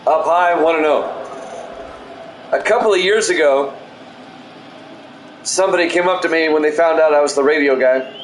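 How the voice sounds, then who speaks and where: Male play-by-play announcer, no regional accent, soothing and easygoing, chatting with viewers between pitches. Roomy, noisy home recording. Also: normal speed, long pauses. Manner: calm, self-described soothing delivery with asides. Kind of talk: solo play-by-play of a simulated baseball game, chatting with stream viewers. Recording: echoey room with loud background noise.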